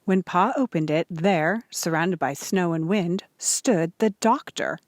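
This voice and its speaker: A woman's voice: lowish voice, measured pace, dry recording, studio quality. Woman reading a children's story. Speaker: audiobook reader.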